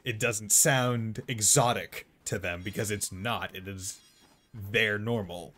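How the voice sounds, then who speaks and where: A man with a Boston accent and a lowish, fairly bright voice streams a video game, talking slowly. His let's-play chat is casual and rambling, full of fillers, with faint game music playing behind him.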